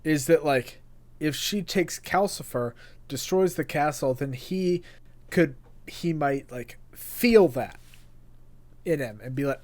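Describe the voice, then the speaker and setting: A young man co-hosting a casual podcast chat, excitable and rambling, often restarting his sentences. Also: fairly high pitch, slow. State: hiccups. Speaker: podcast co-host.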